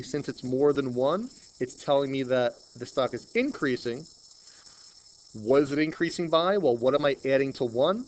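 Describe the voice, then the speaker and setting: A man's voice: medium pitch, low-quality recording. Man, Long Island accent, math teacher, thinks aloud, casual lesson, faint hiss behind. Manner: chatty, thinks aloud while working problems. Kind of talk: screen-recorded math lesson.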